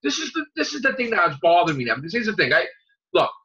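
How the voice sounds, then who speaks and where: A man's voice: high-pitched, big pitch swings, fast talker, bright, forceful tone. A man co-hosting a casual fan podcast, ranting with lots of fillers, restarts and swearing. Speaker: podcast co-host. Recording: dull lo-fi podcast audio.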